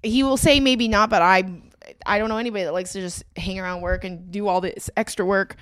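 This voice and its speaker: A woman co-hosting a podcast, chatting casually and frankly, agreeable and quick to laugh. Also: mid-range voice, fairly even intonation, fairly bright tone, clean tone, no echo. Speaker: podcast co-host. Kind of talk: casual chat.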